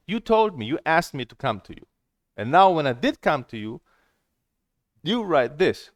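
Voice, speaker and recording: Ranting man, pitch jumping all over. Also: big pitch swings, slow, pauses often, no echo, clean studio sound. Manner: angry, ranting, with many fillers and restarts. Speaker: streamer. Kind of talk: heated monologue.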